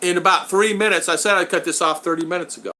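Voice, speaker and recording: A man's voice: high voice, fairly even intonation, fast, bright, forceful tone. An older man from Utah, casually chatting on a livestream from his home and answering viewer comments in an upbeat, rambling way. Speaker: livestream host. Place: home in the Philippines.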